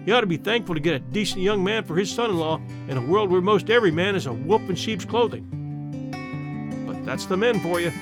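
A man reading the part of a blunt, plainspoken elderly aunt who talks in a sharp, matter-of-fact and grumbling way. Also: high-pitched, expressive, brisk, music in the background. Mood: blunt, sardonic.

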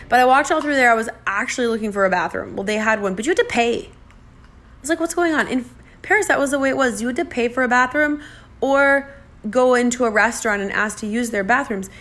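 A woman's voice: on the high side, quick pace. Chatty American woman telling a travel story. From United States. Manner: chatty, animated, self-deprecating, acts out dialogue.

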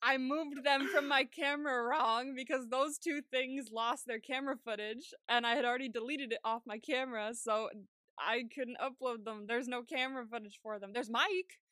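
Bright chatty young woman podcaster. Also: sits high, normal speed, no room sound, clean studio sound. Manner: chatty, laughs often, acts out her own reactions. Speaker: podcast co-host. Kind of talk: casual chat.

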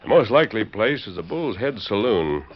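Calm masked lawman hero, commanding, muffled old radio. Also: lowish voice, normal speed. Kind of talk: 1940s radio acting. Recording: dull old radio recording.

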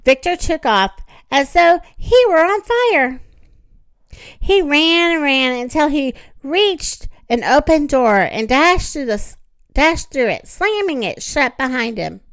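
A woman reading a children's story aloud in an expressive, animated way. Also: high voice, slow pace, dry recording.

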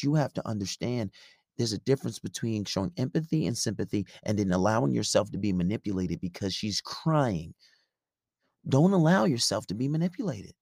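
A man's voice: on the low side, a little mellow, no echo, clean studio sound. A man hosting a podcast, delivering a dating-advice monologue in a preachy, emphatic, profane way, repeating his points. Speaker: podcast host.

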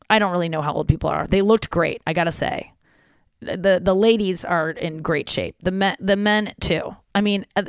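A woman hosting a podcast, telling a story in a lively, rambling way full of "like" fillers. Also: deep voice, gravelly, clear, resonant tone, no room sound, studio quality. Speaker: podcast host. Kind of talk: casual comedic storytelling.

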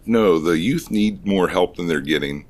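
A man co-hosting a casual film-review podcast, trading dry deadpan jokes. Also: deep voice, normal speed. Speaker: podcast co-host.

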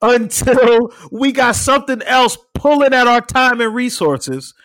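A young adult man casually telling a story as podcast co-host, animated, swearing freely and acting out the people and cat sounds in it. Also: very high-pitched, unhurried, no room sound. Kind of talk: casual chat.

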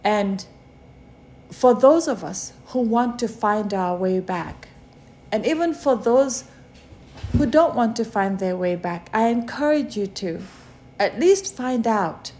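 A woman giving a devotional sermon, preaching slowly with many repeated rhetorical questions. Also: medium pitch, lively intonation, darkish tone, slight background noise. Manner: slow, repetitive rhetorical preaching.

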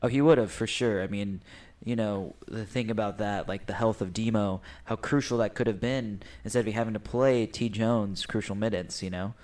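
A man's voice: fairly low pitch, fairly even intonation, normal speed, darkish tone. A man co-hosting a casual sports podcast, laid-back and full of fillers. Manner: laid-back, fond of fillers like "you know". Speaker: podcast co-host.

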